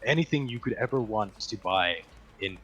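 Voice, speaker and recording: A man narrating a tabletop game as game master in a relaxed, descriptive way. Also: on the low side, normal speed.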